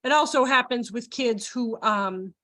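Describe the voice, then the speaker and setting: A high-pitched woman presenting a child care training over a video call. She talks animatedly, laughs often, and slips into acted-out voices mid-story. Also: a little slow, pushed and bright. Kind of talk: live online training presentation.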